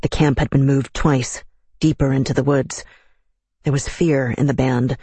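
A man reading a novel aloud as narrator, in a measured, even storytelling manner, close to the mic. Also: mid-range voice, husky, no room sound. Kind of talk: scripted audiobook narration.

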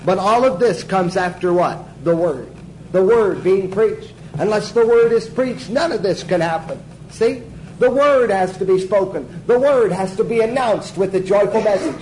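Emphatic high-voiced male preacher. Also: lively intonation, moderate pace, darkish tone, slight background noise, poor audio. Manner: emphatic, asks the class questions and answers them, chuckles. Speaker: Bible teacher. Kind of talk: sermon teaching to a class.

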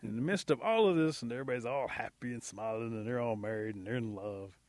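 A man telling a humorous animal folk tale aloud in a lively, animated way. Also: mid-range voice, fast, no room sound. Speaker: storyteller. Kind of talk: oral folk storytelling.

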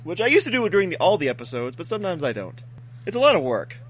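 A man's voice: fairly high pitch, very animated, fast, slight background noise, rough recording. A man co-hosting a podcast in casual chat, making wry jokes. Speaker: podcast co-host.

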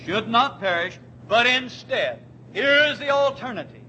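Emphatic high-voiced preacher man. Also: animated, sharp tone, lo-fi sound, slight background noise. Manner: emphatic preaching, repeats key words, slows on scripture. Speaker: pastor. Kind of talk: sermon.

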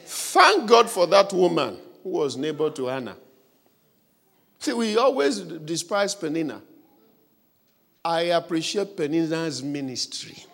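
A male preacher delivering a fervent revival sermon, shouting repeated calls for the congregation to pray aloud. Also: a little high, sing-song, a little slow, gravelly, long pauses. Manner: fervent, repetitive exhortation.

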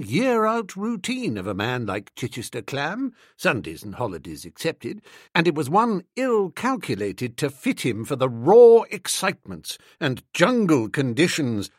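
A man narrating a comic novel in the first person, wry, expressive, and playful. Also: fairly high pitch, unhurried, dry recording, clean studio sound. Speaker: audiobook narrator.

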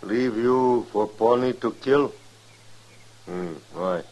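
A man's voice: medium pitch, a little mellow, lo-fi sound, close to an everyday voice. A man playing a stern wary warrior. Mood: wary questioning. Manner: clipped broken phrases, slow and questioning. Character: stern wary male warrior, halting broken speech. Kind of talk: 1950s radio drama acting.

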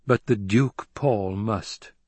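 Male reader as a cold young duke, firm, husky, dry. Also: lowish voice, darkish tone, no echo. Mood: cold resolve. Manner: measured, firm.

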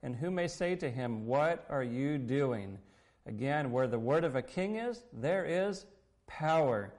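A man preaching a sermon in an earnest, measured way, quoting scripture. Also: medium pitch, lively intonation, a little mellow. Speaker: pastor.

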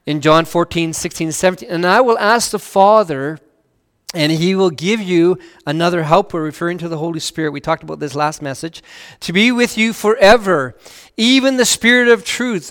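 A male pastor with a high, smooth, clear voice preaches earnestly, his delivery rising and falling. He swells louder on key phrases and drops to a hush for scripture, while a large church hall adds a long reverberant tail.

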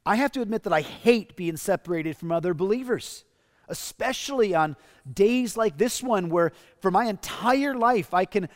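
Man, pastor, sermon, emphatic, slightly high voice, long reverb. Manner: earnest, emphatic preaching with paraphrased quotes.

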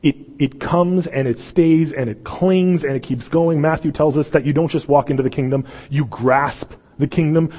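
A man's voice: on the high side, big-room sound. A man preaching a sermon as pastor, telling the story with energy and acting out the voices of the people in it. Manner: animated storytelling, acts out voices. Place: church sanctuary.

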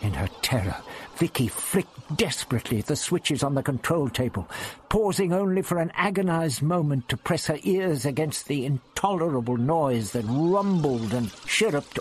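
A man's voice: on the high side, a little hiss or hum. A man reading an adventure story aloud in a dramatic storytelling manner. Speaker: audiobook narrator. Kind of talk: expressive audiobook reading.

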